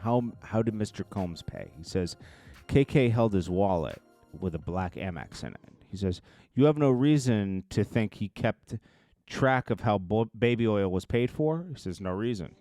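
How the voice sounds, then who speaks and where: Low-voiced man reading court transcript. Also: expressive, moderate pace, no room sound, faint music behind. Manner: reads quotes in a low murmur, then reacts loudly with laughs. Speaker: commentary host reading court testimony. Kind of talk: casual commentary, reading transcript aloud.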